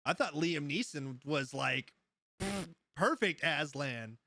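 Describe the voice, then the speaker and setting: A man's voice: fairly high pitch, lively intonation, slow, creaky, bright, forceful tone, dry recording. Male streamer, slightly raised voice, easygoing storyteller who laughs a lot, dry room. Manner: rambling storyteller, laughs often, answers chat. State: high. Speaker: livestream host. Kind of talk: casual live-stream chat.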